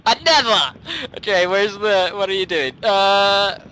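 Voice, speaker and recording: Man, excitable let's-play co-host, high lively voice, laughs a lot, bright tone. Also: measured pace, clear, resonant tone. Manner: giggly, excitable, laughs often. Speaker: gamer, co-host. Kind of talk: casual let's play chat.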